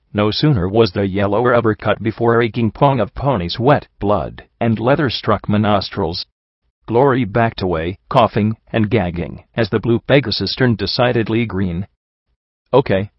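A man reading a first-person story aloud in a steady, even way, recorded dry and slightly dull. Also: fairly low pitch, no echo. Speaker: audiobook reader.

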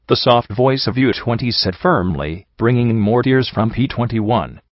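A man reading a story as narration in an even, measured way. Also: medium pitch, no room sound. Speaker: audiobook reader. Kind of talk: scripted narration. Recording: dull dry recording.

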